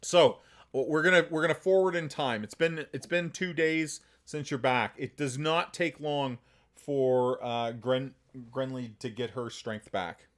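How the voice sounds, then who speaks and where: Halting male game master narrating. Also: medium pitch, fairly bright tone. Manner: halting, full of fillers.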